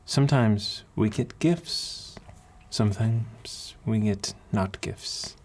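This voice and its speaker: A man voicing a stern but kindly woman mentor who speaks with an accent, in a calm, measured, soothing way. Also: on the low side, a little hiss or hum. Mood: persuasive.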